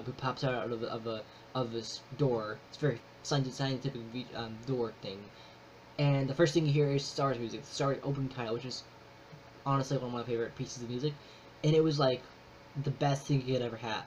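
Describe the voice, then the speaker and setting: A man casually reviewing a movie, rambling with many fillers and restarts, enthusiastic. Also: medium pitch. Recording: slightly dull with faint noise.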